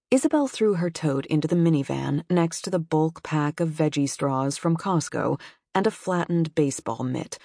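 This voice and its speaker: Low husky woman narrating a novel. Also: animated, moderate pace, dark tone, no room sound, clean studio sound. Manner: voices the characters with small lifts in pitch. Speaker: audiobook narrator. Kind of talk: scripted narration.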